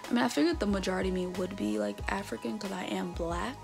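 A woman in her twenties, born in North America, chatting casually in a vlog and reading results aloud with animated reactions. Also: mid-range voice, fast talker, creaky. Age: 20s. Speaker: vlogger. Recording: background music under the voice. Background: music.

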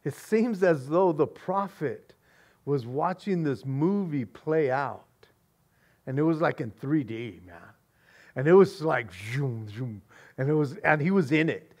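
A man preaching as a pastor, excited and casual, often repeating words and saying "man". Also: fairly high pitch, a little slow. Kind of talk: expository sermon.

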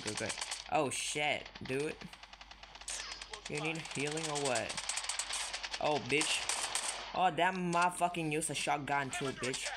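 A young man giving casual commentary while playing a mobile shooter, jumpy and constantly swearing, yelping when startled. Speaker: mobile shooter game streamer. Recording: noisy low-quality audio with loud hiss.

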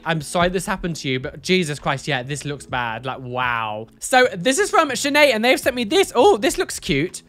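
A man's voice: high-pitched, sharp tone. A young man hosting a casual reaction video, camp and flamboyant, with playful exclamations. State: out of breath. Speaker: host.

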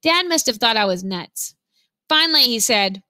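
A woman reading a novel aloud, telling the story in an expressive first-person voice. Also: on the high side, moderate pace, no room sound. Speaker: reader.

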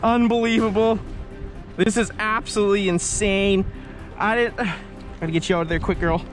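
A man's voice: high-pitched, fairly even intonation, moderate pace, soft background music. A man vlogging from a boat on the water while fishing, giggling and exclaiming often. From Saskatchewan, Canada. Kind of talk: excited outdoor vlog commentary.

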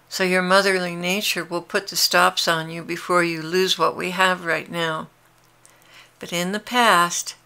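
A woman with a fairly low, clear and resonant voice plays Jesus as a tender, longing man. In a devotional dialogue, she has him speak earnestly and intimately to his brides, gently pleading with them.

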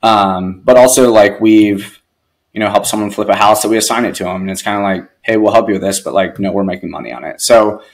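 A real estate investor appearing as a podcast guest tells stories casually in a lowish, steady voice at a fairly quick pace, over poor audio. He rambles, filling his speech with "like" and other filler words.

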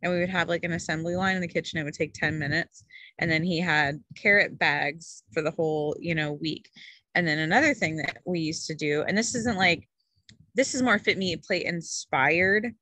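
A woman's voice: on the low side, moderate pace, bright, forceful tone, dry recording, poor audio. Woman food coach, rambling and chatty, slightly breathless on a dry video-call mic. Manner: chatty, rambling, lots of fillers. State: yawning, short of breath. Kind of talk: casual group video call.

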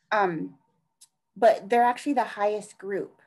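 A woman's voice: medium pitch, moderate pace, a little mellow, low-quality recording. A middle-aged woman speaking as an interview guest in an earnest, rambling way, often trailing off and restarting her thoughts. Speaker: interview guest, task force advocate. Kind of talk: conversational interview.

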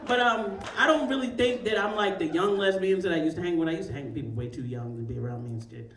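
A woman's voice: medium pitch, wildly swooping pitch, a little fast, crowd noise. A woman in her forties from Baltimore, Maryland, doing a stand-up comedy set in front of a live audience, brash and profane and laughing often. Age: 40s. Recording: echoey room, mic at a distance, noisy.

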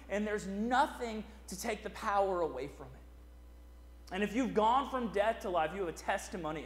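A man preaching a sermon as pastor, in a conversational style full of "right?" asides. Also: sits high. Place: church sanctuary. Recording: echoey church hall.

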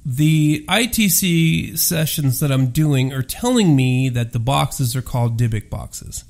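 A man's voice: a little high, expressive, a little slow, gravelly, a little mellow. A man hosting a paranormal audio show, ranting in a profane, rambling, emphatic monologue.

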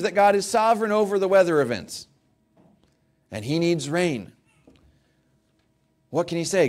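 A male pastor preaching a sermon, emphatic and rising to forceful peaks, acting out quoted prayers with mock pleading. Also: fairly high pitch, very animated, moderate pace, long pauses.

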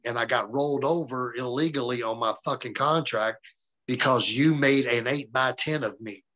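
A man's voice: mid-range voice, sharp tone, poor audio. A man being interviewed as a former pro wrestler, telling stories bluntly and with plenty of swearing, often acting out what others said to him. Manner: profane, blunt, quotes others in dialogue. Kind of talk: casual storytelling interview.

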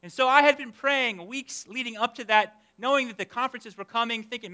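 Young guy preaching, bright crisp voice, acts out his own old complaints. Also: extremely high pitch, fairly quick, hardly any pauses. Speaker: pastor. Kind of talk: storytelling sermon.

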